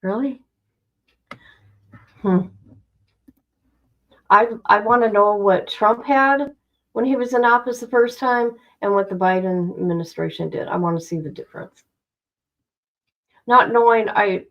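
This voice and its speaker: A woman's voice: medium pitch, a little slow, pauses often, lo-fi sound. A woman streaming casual commentary to her viewers, blunt and chatty, speaking straight to her audience. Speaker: streamer reacting to news.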